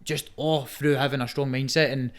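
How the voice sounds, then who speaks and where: A man's voice: medium pitch, little pitch movement, moderate pace. A young Scottish man, a fighter, talking earnestly and swearing freely as a podcast guest. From Scotland. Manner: sweary, earnest, says "mate" often. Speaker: guest, Muay Thai fighter. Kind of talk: casual podcast chat.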